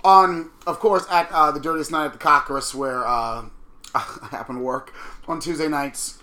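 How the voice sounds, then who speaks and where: A man co-hosting a casual chat, telling animated stories and acting out what people said. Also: on the high side. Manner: animated, quick storytelling with quoted asides. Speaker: podcast co-host.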